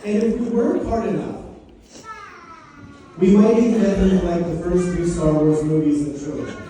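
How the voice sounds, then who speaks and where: Middle-aged dad doing a wedding toast, warm soft voice, mixed in with jokes, sounds far off in a big echoey hall. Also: male voice, high voice, steady tone, moderate pace, a little hiss or hum. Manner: heartfelt, joking. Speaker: father of the bride.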